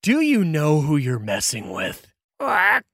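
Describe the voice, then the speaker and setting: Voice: wildly swooping pitch, fairly bright tone, dry recording, studio quality, exaggerated voice. A game master voicing a sneering bird-like kenku crook who quacks between threats. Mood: taunting. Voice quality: squawky, high and cawing. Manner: menacing, drawn-out threats. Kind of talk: tabletop game character voice.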